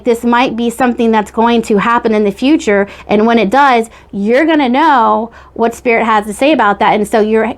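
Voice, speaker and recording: Chatty, rambling woman tarot reader. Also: on the high side. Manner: chatty, rambling, frequent "okay?" check-ins. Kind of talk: casual tarot reading.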